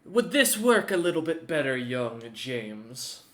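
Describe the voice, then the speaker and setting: A man doing a greedy warrior chief, mocking, menacing, a bit higher and louder, roomy echo. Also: big pitch swings, unhurried. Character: ruthless, greedy, mighty male warrior chief. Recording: echoey room.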